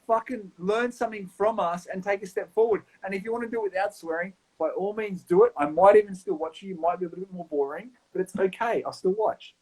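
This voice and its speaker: Blunt, high-voiced Australian man. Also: fast talker, hardly any pauses, slightly rough, low-quality recording. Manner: blunt, swears freely, animated. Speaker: round table co-host. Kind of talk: casual chat.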